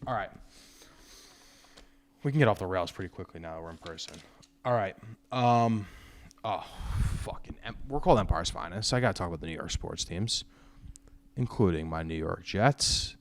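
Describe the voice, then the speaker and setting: A man's voice: deep voice, animated, normal speed, pauses often. A young man hosting a podcast, chatting loosely and jokily about sports into a microphone at home. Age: young adult. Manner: loose, rambling, jokey. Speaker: podcast host. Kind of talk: casual sports chat. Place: room at home. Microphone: studio microphone.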